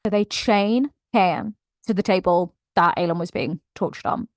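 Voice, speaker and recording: A woman's voice: lowish voice, moderate pace, dry recording. A woman book vlogger giving a casual, emotional and gushing plot recap. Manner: emotional, gushing and animated retelling.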